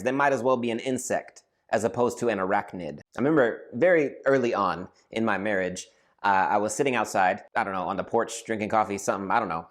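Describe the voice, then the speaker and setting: A man in his thirties telling a comic personal story on his own channel, animated and acting out voices and shouts. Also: on the low side. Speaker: storyteller vlogger. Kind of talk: casual comedic storytelling.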